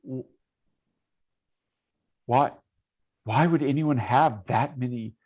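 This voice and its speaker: A man voicing a wary, professional woman sailor who speaks politely and haltingly, with many stops and restarts. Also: mid-range voice, darkish tone, breathy edge, muffled recording.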